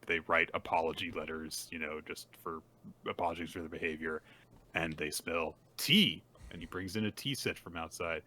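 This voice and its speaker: A man's voice: deep voice, sharp tone, no room sound. A man co-hosting a podcast, casually recapping manga and acting out the characters' lines with laughs. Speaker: podcast co-host.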